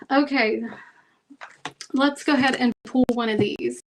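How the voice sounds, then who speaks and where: Chatty and emphatic, this tarot reader keeps checking in with her viewers using "okay" and "y'all" as she reads the cards. Her high voice moves at a slow pace over poor audio with a little hiss or hum.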